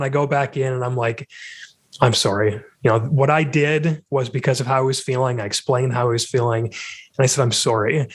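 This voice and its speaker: Male podcast guest, slightly higher voice, candid and reflective storytelling. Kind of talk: personal storytelling in interview.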